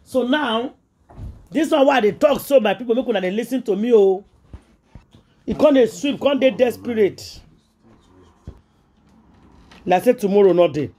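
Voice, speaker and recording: A woman's voice: fairly high pitch, lively intonation, moderate pace, long pauses, warm tone. A Nigerian woman hosting a gossip vlog, talking in an emphatic, repetitive, preachy way and mixing in Pidgin. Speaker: gossip vlogger. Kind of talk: casual celebrity gossip commentary.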